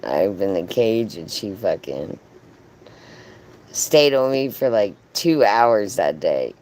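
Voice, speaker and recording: Slow, animated man telling a story. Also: on the low side, a little hiss or hum. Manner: chatty, profane, laughs often. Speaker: live streamer. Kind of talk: casual storytelling on a livestream.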